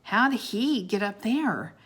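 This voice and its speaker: A woman's voice: medium pitch, animated, slow, fairly bright tone, husky, voice pushed up, heavily acted. A woman voicing a curious, easily startled little girl who speaks in a small voice. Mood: nervous.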